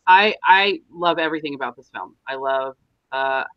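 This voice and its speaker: A woman's voice: low voice, moderate pace, no room sound. A woman co-hosting a casual podcast chat, gushing and effusive, on dull lo-fi audio. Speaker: podcast co-host.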